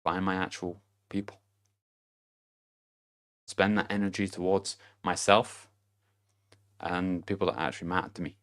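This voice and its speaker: A man's voice: deep voice, steady tone, a little slow, long pauses, fairly bright tone. A man giving a casual motivational monologue to camera, blunt and profane, chuckling between his points. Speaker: vlogger.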